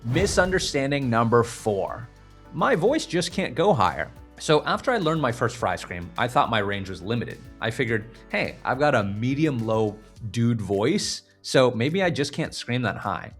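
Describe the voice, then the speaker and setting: A man teaching a scream-technique lesson, explaining clearly and stopping now and then to demonstrate screams. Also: mid-range voice, big pitch swings, measured pace, fairly bright tone, soft background music. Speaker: vocal coach. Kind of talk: instructional video lesson.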